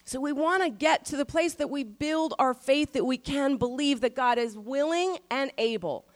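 A middle-aged woman pastor giving a sermon in a conversational style, stressing key phrases slowly. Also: high-pitched.

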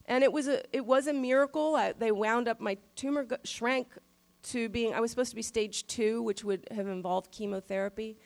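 A middle-aged woman pastor giving a sermon in a conversational style, stressing key phrases slowly. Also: a little high, vocal fry.

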